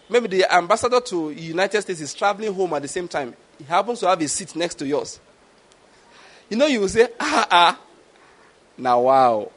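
High-voiced man preaching. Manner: animated, keeps asking "do you get my point?". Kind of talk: sermon.

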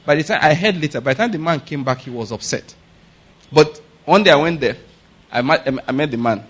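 A man's voice: on the high side, animated, fairly quick, a bit bright, breathy edge, poor audio. A middle-aged man with a Nigerian accent, a pastor preaching a sermon in a conversational way, often checking that his congregation follows him.

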